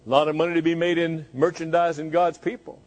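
A man's voice: a little high, level tone, fast, low-quality recording. A man preaching a fervent sermon, pressing the listeners with repeated rhetorical questions.

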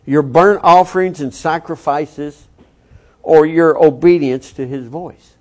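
A man's voice: on the high side, slow pace, darkish tone. A man preaching and voicing a stern old prophet who rebukes a king. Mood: rebuking. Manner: stern, demanding.

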